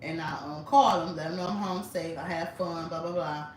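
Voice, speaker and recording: Woman, low voice, blunt and chatty storyteller, recorded at a distance in an echoey room. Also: normal speed, a little hiss or hum. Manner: blunt, chatty, frequent swearing and laughter. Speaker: vlogger. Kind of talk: casual storytelling.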